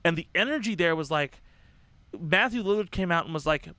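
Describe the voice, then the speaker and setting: A man's voice: a little high, expressive, brisk, sharp tone, no room sound. A young man hosting a casual livestream, talking in an impassioned, profane, rambling way with many restarts. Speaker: livestream host.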